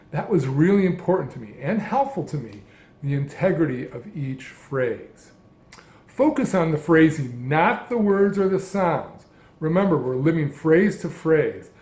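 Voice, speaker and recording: A man giving a calm, measured lesson as a speech coach, speaking in deliberate phrases. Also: on the high side, reverberant. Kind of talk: instructional narration.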